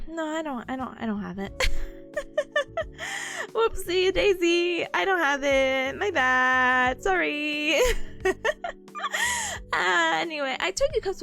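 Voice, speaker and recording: A woman's voice: sits high, a bit bright. A woman streamer chatting casually with her viewers, bubbly and giggly, full of fillers. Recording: faint music behind voice. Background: faint background music.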